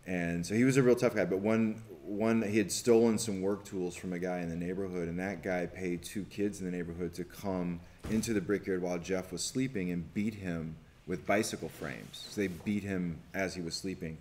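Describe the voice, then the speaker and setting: A man, a documentary filmmaker, telling a story on a festival panel in an animated way, acting out quotes, with many restarts. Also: sits low, moderate pace, hardly any pauses, a little hiss or hum.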